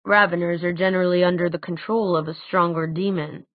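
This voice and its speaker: A woman reading the part of an older male tutor, speaking quietly, slowly and deliberately, grave and measured. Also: lowish voice, steady tone, no echo, close to an everyday voice. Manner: quiet, slow, deliberate speech. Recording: dry, tinny phone-like sound.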